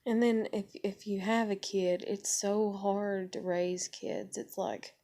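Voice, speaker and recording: A woman's voice: mid-range voice, steady tone, slow, dark tone. A woman in her thirties ranting to camera in a casual vlog, rambling, heavy with swearing, upset and near tears. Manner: profane, rambling, heated. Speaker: vlogger.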